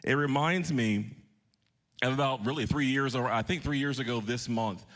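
A man's voice: mid-range voice, moderate pace, a bit bright. Man in his thirties, pastor, earnest storytelling sermon, questions to the congregation, mid-range voice. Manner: earnest, shifting pace for emphasis.

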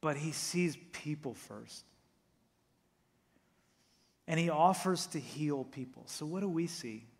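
A male pastor preaching a sermon, animated, acting out quotes and swinging between loud and hushed. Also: a little high, takes it slowly, gravelly, pauses often.

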